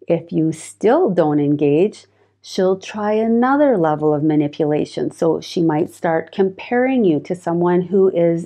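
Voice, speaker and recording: A woman presenting relationship advice in a calm, measured, scripted monologue. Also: lowish voice.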